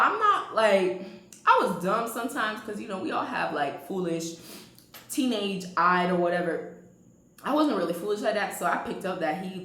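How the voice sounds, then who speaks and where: A woman's voice: mid-range voice, sharp tone. A young woman vlogger telling a casual storytime, slangy and chatty, talking straight to her viewers. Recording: roomy echo.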